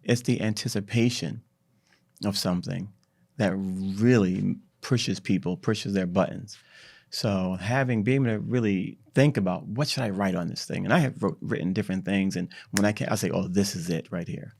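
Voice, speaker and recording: A man guest on a podcast, telling a history story in an animated, drawn-out way. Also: on the low side, vocal fry. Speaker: startup CEO, podcast guest. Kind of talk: conversational storytelling.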